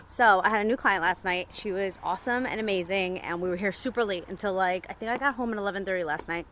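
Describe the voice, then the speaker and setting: A woman's voice: mid-range voice, fast talker, fairly bright tone, a little hiss or hum. A young woman, a hairstylist, casually telling a story to camera with lots of "like" fillers. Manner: chatty, heavy use of "like" fillers. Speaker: hairstylist vlogger.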